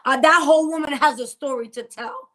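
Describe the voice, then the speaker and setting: A woman's voice: high voice, a little fast, a bit bright. A woman pastor hosting a faith talk show, preaching fervently with emphatic repetition and frequent laughter. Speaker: pastor and host.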